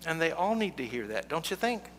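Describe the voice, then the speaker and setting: A male pastor with a fairly high, sing-song voice speaks fairly quickly and a bit brightly, leading prayer and then talking playfully with children. The recording comes from a reverberant church sanctuary with a faint hum.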